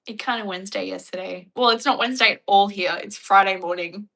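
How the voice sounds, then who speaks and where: Woman streamer, bright voice, playful chat with viewers. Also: medium pitch, moderate pace, vocal fry, long pauses. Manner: chatty, playful, laughs often. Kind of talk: casual chat.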